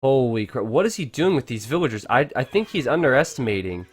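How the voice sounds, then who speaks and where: A man giving casual, excitable commentary on a strategy game match, chatting to his viewers. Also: medium pitch, fairly quick, husky. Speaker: game caster.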